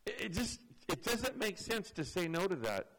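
Bright-toned earnest preacher man. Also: big pitch swings, normal speed, poor audio. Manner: earnest, drops low for emphasis. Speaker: pastor. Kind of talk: sermon.

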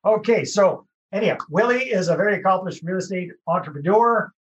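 A man's voice: high voice, a little fast, dull audio. A man from Canada hosting a podcast interview, chatting in a friendly, joking way. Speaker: podcast host. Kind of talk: casual interview chat.

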